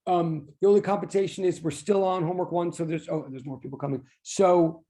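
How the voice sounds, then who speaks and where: A man's voice: fairly high pitch, fairly even intonation, fairly quick, warm tone. A man teaching a physics class online, greeting students one by one and chatting in a rambling, self-deprecating way. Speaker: physics instructor.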